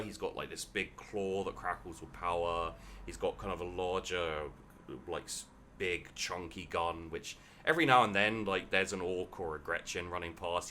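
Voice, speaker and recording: A man's voice: deep voice, bright, forceful tone, a little hiss or hum. A man narrating as game master of a tabletop game, describing scenes with many hesitations and fillers. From England. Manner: hesitant, many ums and likes.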